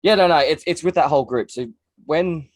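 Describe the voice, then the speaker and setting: A man's voice: fairly high pitch, fairly quick, no room sound. A man co-hosting a casual podcast chat, telling stories in a laid-back, slangy way. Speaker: podcast co-host. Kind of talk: casual chat over beers.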